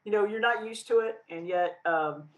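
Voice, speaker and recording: A woman's voice: medium pitch, normal speed, low-quality recording. A woman co-hosting a casual chat, speaking in a reflective, searching way. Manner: reflective, many fillers and restarts. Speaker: podcast co-host.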